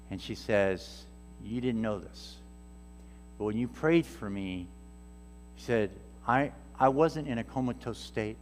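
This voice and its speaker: A man's voice: fairly low pitch, unhurried. A man preaching a storytelling sermon as a guest missionary speaker, acting out the people in his stories. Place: church sanctuary. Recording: reverberant church hall with soft music.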